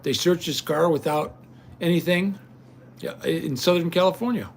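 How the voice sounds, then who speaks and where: An older man rambles and rants to his stream viewers with growing indignation. His voice sits a bit higher than most men's, and a faint hiss runs under the recording. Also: moderate pace. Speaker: livestream host. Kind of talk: casual rant to viewers.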